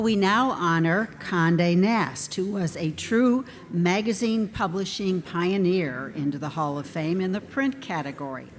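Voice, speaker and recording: A woman hosting an awards ceremony, reading introductions of inductees and adding chatty asides. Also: lowish voice. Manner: warm, chatty asides between scripted lines. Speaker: ceremony emcee. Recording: long hall reverb, faint background noise.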